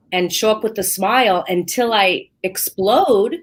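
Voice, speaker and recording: A woman's voice: medium pitch, measured pace. A woman hosting a casual podcast, talking openly and expressively, acting out little quoted exchanges. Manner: open and expressive, acts out her own quotes. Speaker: podcast host.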